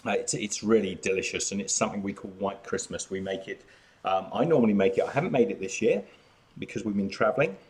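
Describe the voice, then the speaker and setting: A man's voice: fairly low pitch, quick pace, darkish tone. Chatty Australian man hosting a live chat. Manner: chatty, outgoing, talks while snacking. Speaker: cooking channel host.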